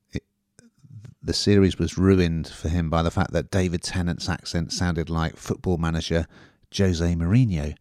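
Deep-voiced man reviewing TV. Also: a little mellow, no echo, clean studio sound. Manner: chatty, rambling with fillers. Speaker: podcast host and TV reviewer. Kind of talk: casual review chat.

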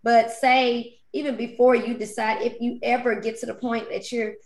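Gravelly-voiced woman host, roomy sound. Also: on the high side, level tone, moderate pace. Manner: gentle, searching questions with restarts. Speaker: podcast host. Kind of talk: casual interview.

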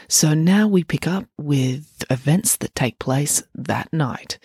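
A woman reading a children's chapter book aloud as a storyteller, with an expressive, animated delivery. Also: deep voice, measured pace, hardly any pauses, slightly rough, no room sound, studio quality.

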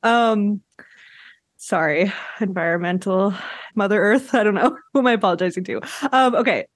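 A woman's voice: mid-range voice, normal speed, no echo. Chatty woman from Canada, dry sound. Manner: chatty, laughs often, many "like" fillers. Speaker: podcast host. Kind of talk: casual chat.

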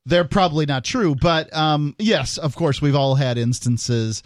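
A man's voice: a little high, unhurried, no room sound, clean studio sound. A man hosting a call-in talk radio show, chatting casually and wryly and laughing easily.

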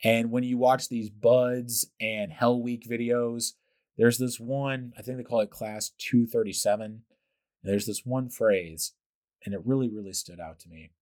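A young man hosting his own podcast, telling workplace stories in a casual, animated way, with loud profane bursts and quiet asides. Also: mid-range voice, unhurried. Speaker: podcast host. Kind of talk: casual storytelling monologue.

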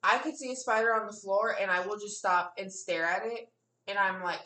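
A young woman in casual chat, expressive and swearing often, a little off the mic. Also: mid-range voice, a little fast, far from the mic. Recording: roomy, a bit off-mic.

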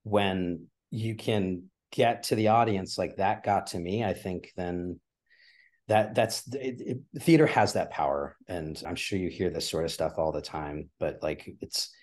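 A man appears as a podcast guest in a conversational interview, speaking earnestly and emotionally about theater and getting choked up as he tells a story. His voice sits low, unhurried and a little mellow.

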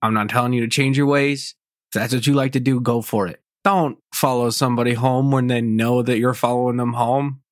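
A young man hosting a podcast, telling a story and ranting casually in a blunt, profane, animated way. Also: mid-range voice, no room sound, clean studio sound. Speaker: podcast host.

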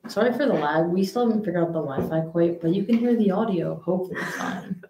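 Young woman with a low gravelly voice. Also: fast talker, warm tone. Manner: chatty, rambling with fillers. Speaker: podcast co-host. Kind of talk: casual chat. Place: small room in a school library. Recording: echoey small room, faint background noise.

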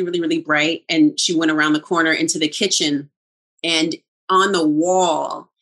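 Chatting casually, a deep-voiced middle-aged woman recounts something that happened to her. She performs the quoted dialogue with lots of animation and keeps breaking into laughter.

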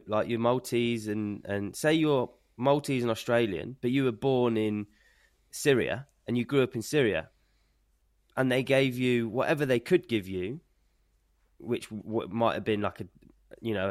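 A man's voice: mid-range voice, normal speed, no echo, studio quality. A man co-hosting a casual sports podcast, challenging the others with pointed questions. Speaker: podcast co-host.

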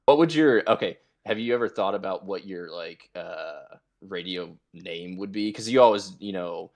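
A man's voice: low voice, normal speed, darkish tone. A man co-hosting a podcast in laid-back casual chat, often saying dude. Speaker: podcast co-host.

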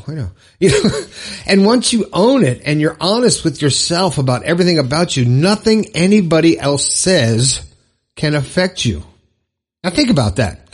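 A man's voice: a little high, husky. A man hosting his own motivational podcast alone, talking casually and upbeat with frequent fillers and asides. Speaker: podcast host. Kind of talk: solo motivational podcast monologue.

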